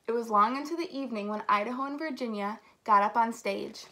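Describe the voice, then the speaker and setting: Woman, school staff, reading a picture book aloud to kids, lively, slightly high voice. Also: a little fast, slight background noise. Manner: warm, lively storytelling to children. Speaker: elementary school staff member.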